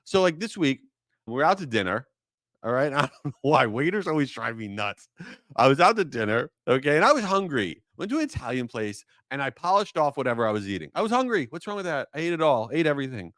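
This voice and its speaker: Animated, exasperated male podcast host. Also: medium pitch, quick pace, no room sound, studio quality. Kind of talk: solo podcast monologue.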